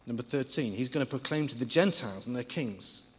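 A man's voice: mid-range voice, animated, fairly quick, a bit bright, big-room sound. A man preaching a sermon, stressing each numbered point. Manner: emphatic, counting points aloud.

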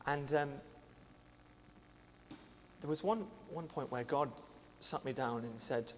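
A young man, a church intern, telling a personal testimony earnestly, with many pauses and fillers. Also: mid-range voice, in a large hall, slight background noise.

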